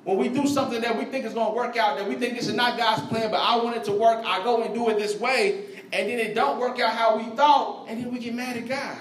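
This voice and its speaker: High-voiced preacher in an echoey hall. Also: male voice, steady tone, fast talker. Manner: conversational, slangy, addresses congregation directly. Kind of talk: sermon. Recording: echoey room, voice from far off.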